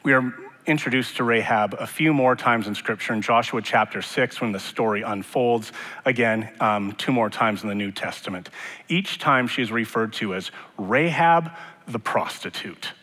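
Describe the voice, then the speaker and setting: A male pastor delivers a sermon, mixing scripture with casual jokes. His voice is bright and forceful. A long reverb from the sanctuary trails each phrase. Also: mid-range voice, moderate pace. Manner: conversational, joking asides. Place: church sanctuary.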